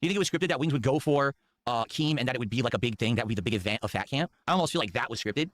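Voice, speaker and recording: A man with a mid-range voice talks at a racing pace against a noisy background. He hosts a commentary channel, reacting to clips with mocking, animated remarks and rambling asides.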